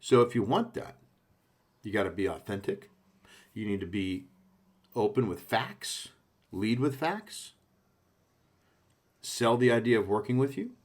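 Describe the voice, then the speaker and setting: A man's voice: fairly low pitch, animated, a little slow, pauses often. Punchy male sales trainer. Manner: punchy, coaching, frequent "okay?" check-ins.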